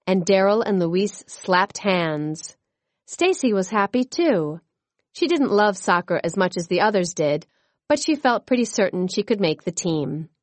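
A woman's voice: mid-range voice, no room sound. Woman narrating a children's story.

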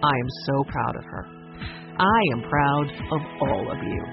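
An audiobook narrator voicing a kindly old grandfather who speaks gently and encouragingly, in a lower voice than the narration. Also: very animated, normal speed, dull audio, over music. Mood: proud.

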